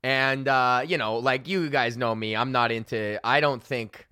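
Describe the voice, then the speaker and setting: A man's voice: mid-range voice, steady tone, a little slow, sharp tone, smooth, no echo, clean studio sound. A man hosting a comedy podcast, telling a rambling, profane story with frequent laughter. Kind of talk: casual storytelling rant.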